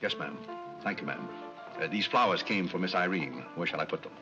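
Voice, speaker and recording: An actor playing a polite, composed butler who speaks calmly and courteously, in 1930s film style. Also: male voice, low voice, faint music behind. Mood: deferential. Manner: calm, courteous, measured. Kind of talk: 1930s screwball film acting. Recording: muffled 1930s film soundtrack.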